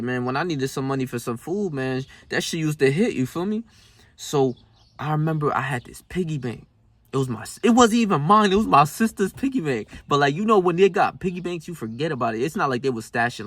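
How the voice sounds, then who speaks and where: A man's voice: mid-range voice, no echo. Slangy, profane young man telling stories. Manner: slangy, profane, animated, shouts in bursts. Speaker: vlogger. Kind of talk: casual storytelling monologue.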